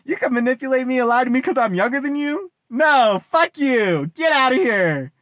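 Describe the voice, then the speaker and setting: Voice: high voice, animated, normal speed, a bit bright, no room sound. A young adult with an American accent, delivering a casual ranting monologue to the camera. They swear freely, repeat phrases for emphasis, and laugh often. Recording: dull, lo-fi, dry sound.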